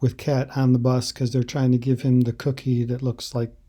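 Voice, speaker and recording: A man teaching a language by explaining a translation, unhurried and explanatory, with hesitant fillers. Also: mid-range voice, completely flat delivery, mellow, slightly rough.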